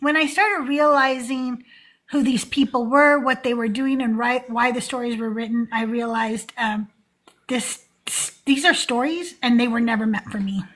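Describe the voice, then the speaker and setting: A woman's voice: on the high side, steady tone, moderate pace, fairly bright tone. A woman in her forties hosting a live call-in show, chatting casually and laughing often between many fillers. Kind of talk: casual livestream chat.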